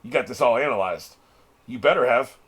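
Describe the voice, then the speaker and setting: A man's voice: mid-range voice, expressive, a little fast, a bit bright, slightly rough. A middle-aged man hosting a reaction video, chatting casually as he watches, swearing freely and laughing often. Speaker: reaction channel host.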